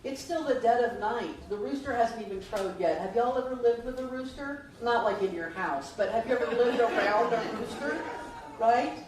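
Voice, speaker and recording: A woman's voice: a little high, lively intonation, normal speed. A woman minister, giving a conversational Easter sermon and asking the congregation questions, heard from a distant mic in a church. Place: church sanctuary. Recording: distant mic, very echoey hall, faint noise.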